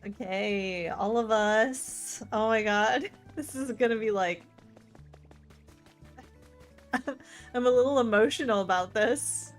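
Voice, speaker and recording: A woman in a casual let's-play stream talks to her in-game companions. She is chatty and excitable, and she swings between gushing and muttered grumbling. Soft game music plays faintly behind her voice. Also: fairly high pitch, slow pace, pauses often. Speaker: gaming streamer.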